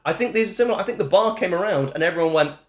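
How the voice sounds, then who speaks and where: A man's voice: sits high, expressive, rapid-fire. A man co-hosting a casual wrestling chat, jokey and playful. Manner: jokey, playful, laughs often. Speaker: co-host of a wrestling rankings show. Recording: echoey room.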